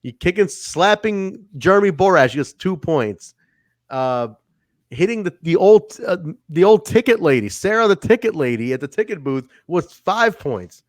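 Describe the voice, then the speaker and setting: A man's voice: high-pitched, moderate pace, dry recording, clean studio sound. A man co-hosting a casual wrestling review podcast, laughing often and acting out what wrestlers said. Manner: animated, laughs often, acts out quotes. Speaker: podcast co-host.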